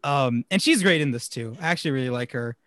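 A man's voice: medium pitch, expressive, fast talker, a bit bright, dry recording, clean studio sound. A man hosting a casual podcast about films, rambling and stumbling over his words and laughing often. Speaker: podcast host.

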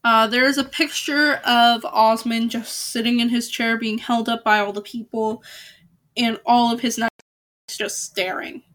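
A woman's voice: on the high side, little pitch movement, moderate pace, a bit bright. A woman reading a novel aloud in a casual way, with small slips and restarts. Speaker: reader.

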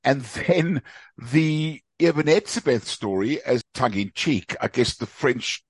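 A man's voice: medium pitch, animated, measured pace, husky, no echo. A man hosting a sports podcast, asking conversational questions of his guest. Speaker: podcast host.

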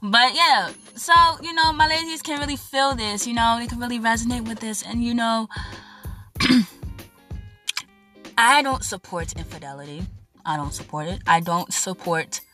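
A young woman hosting a casual podcast rant from home, loud, hyper and playful, swearing and rambling as she goes. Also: a little high, moderate pace, faint music behind. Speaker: podcast host.

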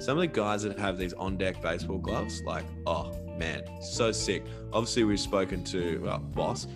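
A man's voice: low voice, animated, moderate pace, loud music behind the voice. A man co-hosting a casual sports podcast, chatty and upbeat, reading sponsor plugs. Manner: upbeat, chatty, repeats catchphrases. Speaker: podcast co-host.

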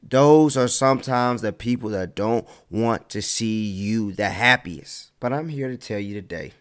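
A man giving a casual motivational talk, animated, stretching words for emphasis and mocking his critics. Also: fairly low pitch, a little slow, clean tone.

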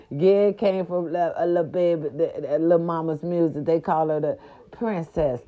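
A middle-aged woman vlogging casual gossip with salty, profane slang, swinging up into high squeals and playful growls. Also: darkish tone, dull audio.

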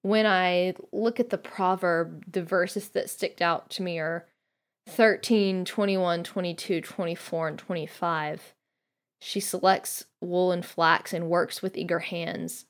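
A young woman guest-hosting a podcast, talking in a thoughtful, soft-spoken way with a few fillers. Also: fairly low pitch, fairly even intonation, slow pace. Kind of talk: casual reflective commentary.

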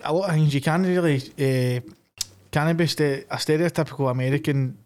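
A man's voice: a little high, fairly quick, a little mellow. A young Scottish man co-hosting a podcast, blunt and heavy on swearing. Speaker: podcast co-host. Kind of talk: casual podcast chat.

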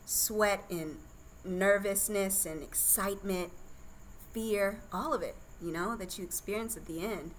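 A woman's voice: medium pitch, unhurried, rough recording. A woman guest on a podcast telling her birth story in a candid, chatty way, laughing often.

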